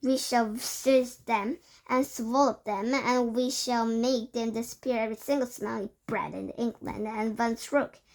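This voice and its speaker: Woman reading as tyrannical witch leader, loud barking rants, storybook. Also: a little high, steady tone, unhurried. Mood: commanding. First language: Korean. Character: ranting domineering female witch leader.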